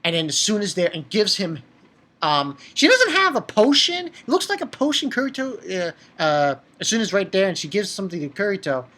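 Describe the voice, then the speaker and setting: Talking fairly quickly in a voice that sits high, a man gives an excitable, casual rundown of an anime episode. He curses and stumbles over filler words and false starts.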